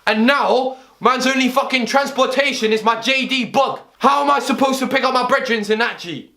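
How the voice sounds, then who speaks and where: A young man with a London accent who raps comic lines and then explains them in heavy street slang with a deadpan delivery. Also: extremely high pitch, moderate pace, hardly any pauses. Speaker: comedy video creator. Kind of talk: comedic rap with spoken explanations.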